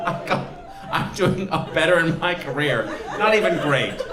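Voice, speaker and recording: Male stand-up comic, rambling, self-deprecating, very lively pitch, slow delivery, distant roomy club sound, crowd laughing. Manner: rambling, self-deprecating, rising to loud rants. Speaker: stand-up comedian. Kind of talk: stand-up set. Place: comedy club stage. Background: audience laughter.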